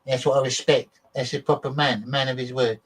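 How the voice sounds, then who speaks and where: Husky and brisk, with a medium pitch and steady tone, this man hosts a laid-back livestream. He talks to his viewers bluntly and swears without restraint, and the internet audio comes through distant and choppy.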